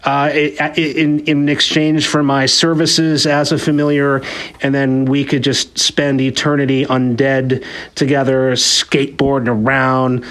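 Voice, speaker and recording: A man's voice: medium pitch, completely flat delivery, measured pace, a bit bright. Enthusiastic rambling man podcast host. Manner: enthusiastic, rambling, repeats words. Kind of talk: casual film review chat.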